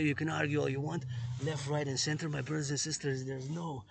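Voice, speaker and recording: A man's voice: fairly high pitch, little pitch movement, brisk, vocal fry. A man vlogging outdoors in a public place, talking emphatically and repeating phrases again and again. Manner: repetitive, emphatic, loops phrases over and over. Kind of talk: outdoor monologue vlog.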